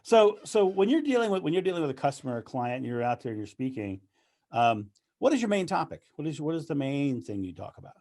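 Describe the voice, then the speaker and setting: Gravelly, lively-voiced male interviewer. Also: on the high side. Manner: laughs often, halting restarts. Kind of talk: casual interview chat.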